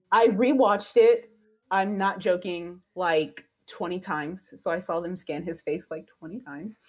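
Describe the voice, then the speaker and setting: A woman's voice: mid-range voice, unhurried. A woman co-hosting a fan stream over a video call, gushing emotionally and laughing often. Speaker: podcast co-host. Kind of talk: excited fan stream chat.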